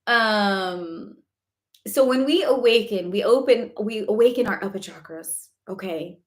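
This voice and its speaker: A woman's voice: medium pitch, a little slow, reverberant. A woman spiritual coach answering questions on a live stream, chatty and emphatic, often checking in with "okay?" and speaking bluntly. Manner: candid and blunt, with casual swearing.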